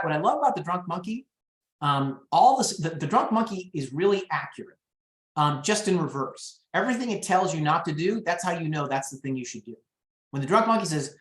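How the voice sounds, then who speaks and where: A real estate coach teaches a live online class in a chatty, direct way, often playing out client conversations. The voice sits in a middle pitch range. The sound comes over a video call with noticeable room echo. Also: expressive, normal speed, fairly bright tone. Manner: chatty, coaching, addresses the audience directly, acts out client dialogue. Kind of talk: live online training session. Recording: roomy echo.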